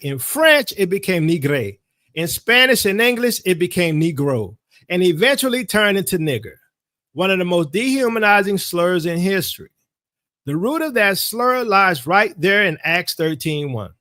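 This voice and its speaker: A man's voice: sits high, sharp tone, no room sound, clean studio sound. A man teaching in a sermon style, emphatic and insistent, repeating his key phrases for weight. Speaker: Bible teacher.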